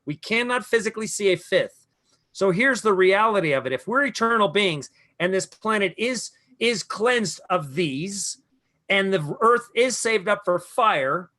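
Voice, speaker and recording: High voiced guy preaching at you, slows right down on the big words. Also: pushed and bright. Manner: emphatic, lecturing, stretches key words. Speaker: guest speaker. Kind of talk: preachy spiritual talk.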